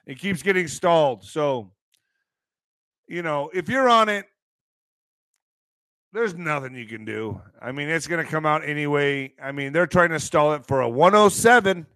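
A man talks to his live-stream viewers in a loose, rambling monologue and tells stories as he goes. His voice sits a little high and rings bright and forceful. He breaks into loud shouts now and then, and the sound is close and dry. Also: lively intonation, moderate pace, pauses often, dry recording. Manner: rambling, storytelling, bursts of shouting. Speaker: online show host.

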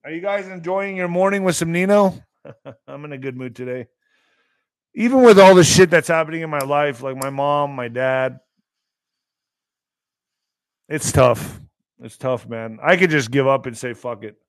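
A man's voice: a little high, moderate pace, no echo, low-quality recording. Rambling, profane morning show man. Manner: rambling and profane, reads news aloud with stumbles. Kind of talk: casual news commentary.

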